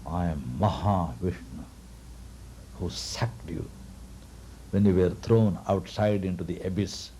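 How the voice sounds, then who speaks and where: A man voicing a divine child-god who speaks of himself as the universal truth, low, hushed and solemn, in a devotional story. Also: a little slow, long pauses, a little hiss or hum. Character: divine cosmic child-god, calm and majestic.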